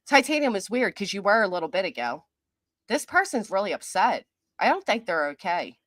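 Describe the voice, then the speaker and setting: A woman's voice: medium pitch, very animated, a bit bright, no echo. Woman streamer, middle-aged, mid-range voice, sarcastic and defiant, laughs easily, close dry sound. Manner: mocking, defiant, quick to laugh. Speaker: commentary channel host. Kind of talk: livestream reading and answering viewer comments.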